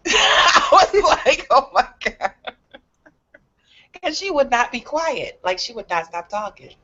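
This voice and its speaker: A woman's voice: mid-range voice, very animated, measured pace, bright, forceful tone, highs cut off. A woman in a casual chat who laughs often and retells stories with impressions of others.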